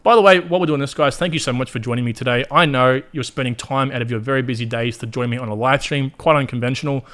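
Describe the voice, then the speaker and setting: An Australian man hosting a live stream in a loose, chatty way. He speaks straight to his viewers, blunt and often profane, at a medium pitch. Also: fast talker, few pauses, fairly bright tone. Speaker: crypto livestream host. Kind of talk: casual livestream commentary.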